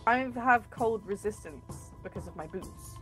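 A woman's voice: mid-range voice, animated, a little slow, faint music behind. A woman casually playing a tabletop game, chatty and playful, swearing now and then. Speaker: player.

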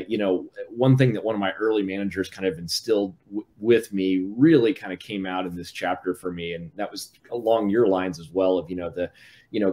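Middle-aged man, low pitch, casual panel talk, halting and full of fillers. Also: a little mellow. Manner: hesitant, many restarts and fillers. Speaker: book discussion panelist. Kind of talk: casual conversation.

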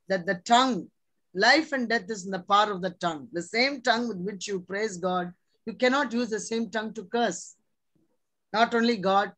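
A woman's voice: mid-range voice, a bit bright, low-quality recording. A middle-aged woman preaching a sermon, earnest and exhorting, with many rhetorical questions. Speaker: preacher, religious sister.

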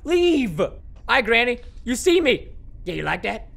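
A young man doing horror game commentary, excitable and panicky, often yelping and shouting and taunting the game. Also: very high voice, a little slow, vocal fry. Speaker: gaming YouTuber.

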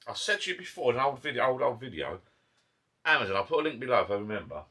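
A medium-pitched, husky, sing-song voice races along, pushed and bright. It belongs to an Essex vlogger with a local accent, drinking beers in his garden pub shed and chatting in a rambling way that keeps interrupting itself, picked up on a camera mic.

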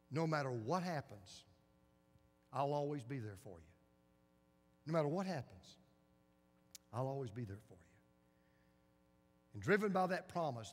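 A male pastor preaching a sermon in a church, telling a story with dramatic repetition. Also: on the high side. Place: church sanctuary. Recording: long church reverb.

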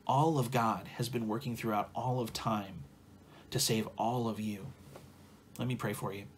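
A man's voice: fairly low pitch, fairly even intonation, normal speed, slight background noise. A man preaching an earnest, encouraging sermon as a pastor, repeating phrases for emphasis and closing in prayer.

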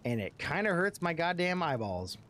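Here a man streams a game as a let's play host, joking, rambling, cursing, and putting on voices as he goes. His fairly high, slightly bright voice is very animated, and he keeps a moderate pace.

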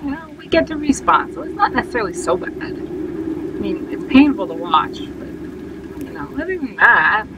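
A woman's voice: a little high, sing-song, moderate pace, background noise. A woman streaming a game live and chatting to her viewers, self-mocking and full of exclamations. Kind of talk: live gameplay commentary.

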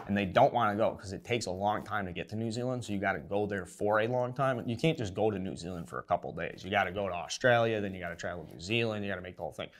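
A young man hosting a sports show, ranting in a rowdy, rambling, comedic way and swearing freely. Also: fairly low pitch. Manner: profane, excitable, rambling. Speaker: show host.

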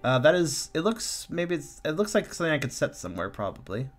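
A man's voice: on the high side, big pitch swings, fairly quick, faint music behind. A man streaming a game, chatting casually, joking and swearing freely, often trailing off into mumbles. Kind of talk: casual let's-play chat.

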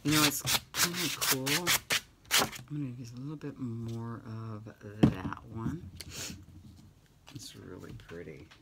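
A woman's voice: extremely low pitch, takes it slowly, pauses often. A middle-aged woman chatting casually as she works on a craft project at home, rambling and joking at herself and now and then dropping to a whisper. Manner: chatty, rambling, self-mocking, often whispering asides. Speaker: craft vlogger. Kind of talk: casual chat while painting. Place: home craft room with the window open. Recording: loud background crafting noise. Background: sanding, rubbing and clicking sounds.

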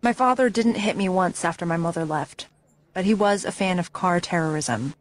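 A woman's voice: on the low side, normal speed. A woman narrating a memoir audiobook with intense, emotionally charged reading.

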